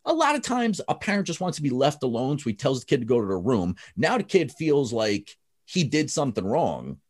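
A man's voice: medium pitch, sing-song, a little fast. A man, a father, talking bluntly and heatedly about parenting in a casual podcast chat, full of swearing.

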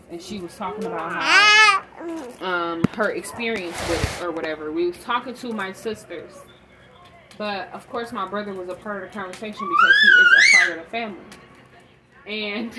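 A woman telling a candid story in a blunt, emphatic monologue about parenting. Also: medium pitch. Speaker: parenting vlogger. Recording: steady audible background noise.

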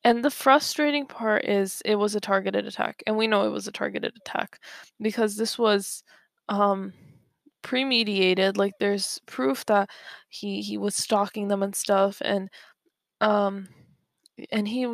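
A woman's voice: mid-range voice, gravelly, no echo, clean studio sound. Chatty young woman podcast host. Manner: chatty, frequent fillers and restarts, gets worked up. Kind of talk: casual storytelling monologue.

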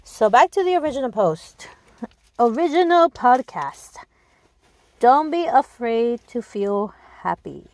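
Blunt, swearing woman with a high voice. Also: takes it slowly. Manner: blunt, swears freely, animated; restarts and repeats words often. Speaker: podcast host. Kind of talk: casual spoken monologue.

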